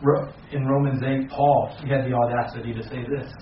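A man preaching earnestly as pastor to a small congregation, rising loud and then dropping to soft, slow phrases. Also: mid-range voice, little pitch movement, a little hiss or hum. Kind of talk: sermon. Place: church hall with a small congregation. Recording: very echoey, distant and muffled hall recording.

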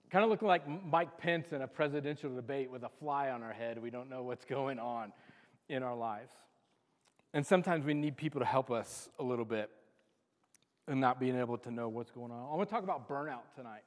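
A man preaching a casual sermon, chatty and self-deprecating, cracking jokes as he talks. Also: mid-range voice. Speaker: pastor. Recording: long reverb of a large hall.

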